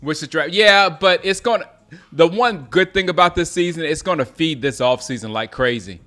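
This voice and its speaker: A man from South Carolina hosting a casual live stream, chatting with viewers and reacting excitedly to plays as he reads comments aloud. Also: a little high, normal speed. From Gaffney, South Carolina. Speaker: sports livestream host.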